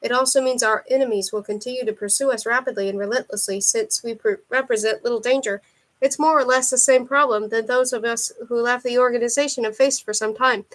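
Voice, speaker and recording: A woman reading as a calm, clinical man. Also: on the high side, brisk, natural voice. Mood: cool. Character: calm, precise, unsettling man.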